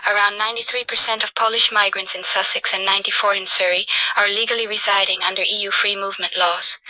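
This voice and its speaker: Female narrator, scripted statistics read, level and factual, piercing bright tone, dry close mic. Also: mid-range voice, dry recording, low-quality recording.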